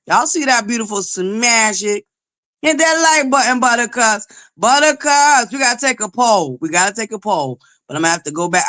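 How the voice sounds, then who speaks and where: A loud, belligerent woman hosting a live chat stream. Her voice is bright and forceful. She curses constantly, greets viewers by name and keeps demanding likes. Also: a little high. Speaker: livestream host. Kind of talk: profane live-chat commentary.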